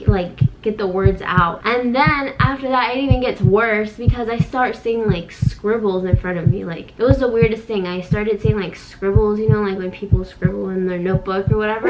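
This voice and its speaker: A woman's voice: medium pitch, moderate pace, very noisy. A young woman casually telling a vivid story to camera, with lots of fillers, as co-host of a couple's channel. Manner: animated, many fillers, dramatic retelling.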